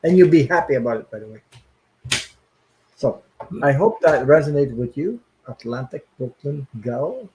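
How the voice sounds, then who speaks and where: A man's voice: mid-range voice, animated, moderate pace, mellow, a little hiss or hum, low-quality recording. A man hosting a tarot livestream, chatting casually and rambling with many fillers, sounding tired.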